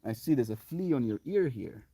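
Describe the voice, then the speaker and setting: A man's voice: mid-range voice, expressive, moderate pace, noisy background. A young man on a casual solo live stream, rambling playfully and slipping into baby talk with his pets.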